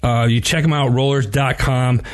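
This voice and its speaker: A man's voice: mid-range voice, steady tone, normal speed. A man hosting a podcast, upbeat and chatty, with many ums and uhs as he introduces his guest. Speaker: podcast host.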